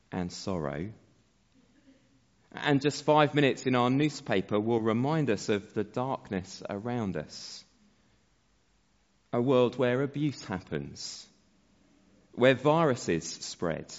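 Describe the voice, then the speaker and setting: A man preaching a sermon as pastor, slow and measured, letting his phrase endings fall soft. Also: mid-range voice. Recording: dull sound with long hall reverb.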